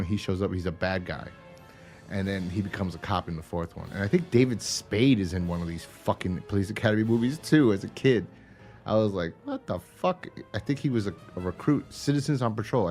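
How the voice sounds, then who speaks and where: This man's voice sits low with a darkish tone as he co-hosts a laid-back podcast. He recaps a TV episode in a rambling, profane way, acting out lines in raised voices.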